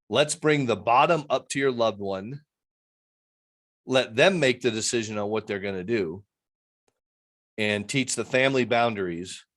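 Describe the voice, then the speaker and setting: Earnest man, mid-pitched, video call. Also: a bit bright. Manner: rambling and earnest, acting out quoted people. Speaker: addiction interventionist guest. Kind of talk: interview over a video call.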